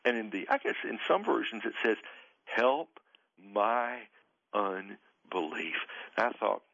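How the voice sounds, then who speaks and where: A male pastor and author, a guest on a radio show, speaking earnestly with emphatic, drawn-out stresses. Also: lowish voice, sing-song, gravelly, pushed and bright, highs cut off. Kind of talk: radio interview, preaching tone.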